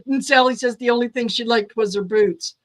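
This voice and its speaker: A woman's voice: a little high, a little fast. A woman co-hosting a casual chat, reading out viewer comments and backing up the others. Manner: affirming, lively.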